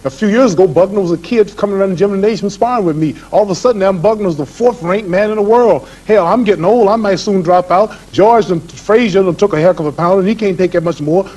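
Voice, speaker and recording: A boxing champion lecturing and boasting in an old TV interview, with a preachy, rhythmic way of talking. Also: male voice, high-pitched, quick pace, few pauses, warm tone, muffled recording. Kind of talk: archival TV interview talk. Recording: hissy old archive TV recording.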